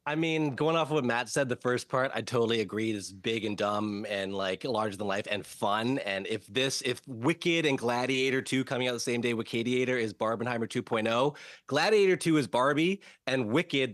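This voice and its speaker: A man, an entertainment writer on a panel, arguing his point in quick run-on sentences. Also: mid-range voice, fairly bright tone, no room sound, clean studio sound. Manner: argumentative, quick run-on reasoning. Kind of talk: casual opinionated chat.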